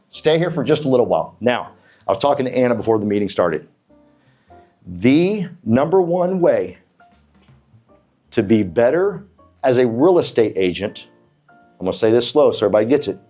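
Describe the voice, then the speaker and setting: A middle-aged man giving a motivational talk to real estate agents, quizzing the crowd and telling stories. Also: medium pitch. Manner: animated, asks the crowd, tells stories with acted quotes. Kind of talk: motivational presentation to a live room.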